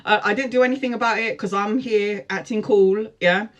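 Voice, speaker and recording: Woman, 40s, mid-pitched storyteller, laughs a lot, acts out quotes. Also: a little fast, dull audio. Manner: lively, laughs often, acts out quoted speech. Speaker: tarot vlogger. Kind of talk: storytime chat.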